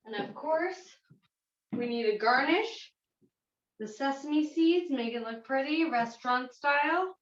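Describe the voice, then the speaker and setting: A woman's voice: high-pitched, lively intonation, measured pace. A woman executive chef giving a chatty, step-by-step cooking demonstration in a kitchen. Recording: roomy, slightly dull sound.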